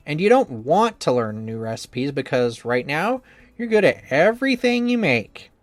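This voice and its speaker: A man's voice: fairly high pitch, no room sound. A man reading a visual novel game aloud as the male lead, wry, teasing and blunt in manner. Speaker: game narrator and reader.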